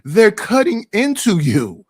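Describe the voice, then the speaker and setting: A man's voice: high voice, wildly swooping pitch, slow, breathy edge, no echo, clean studio sound. A middle-aged man, ranting profanely at home in a casual streaming monologue, firing off rhetorical questions.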